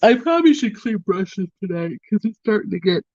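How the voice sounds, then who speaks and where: A woman's voice: medium pitch, big pitch swings, brisk, few pauses, darkish tone, dry recording. A sleepy woman chatting casually with live viewers while doing her makeup, teasing them playfully and yawning often. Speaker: livestream host doing makeup. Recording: dull, lo-fi and dry.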